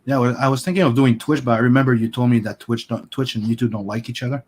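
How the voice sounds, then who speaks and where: A man's voice: medium pitch, fairly even intonation, fast, a little mellow. A man hosting a livestream, chatting casually and rambling with many fillers. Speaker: stream host. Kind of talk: casual chat.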